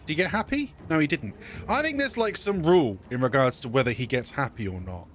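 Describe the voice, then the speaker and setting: A man's voice: on the high side, expressive, brisk, a bit bright, a little hiss or hum. A man casually commentating his gameplay as a let's play streamer, thinking aloud and correcting himself as he goes.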